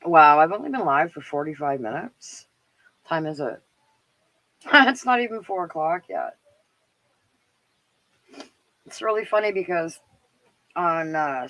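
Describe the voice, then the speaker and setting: A woman's voice: low-pitched, fairly bright tone, dry recording, low-quality recording. A middle-aged Canadian woman with a Canadian accent hosting a live stream, chatting casually and rambling with lots of fillers and laughs. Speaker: livestream show host.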